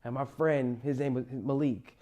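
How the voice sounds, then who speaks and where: Young man, motivational storyteller, warm low-key timbre, emotional personal monologue. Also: steady tone, measured pace. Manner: emotional, rises loud then drops quiet.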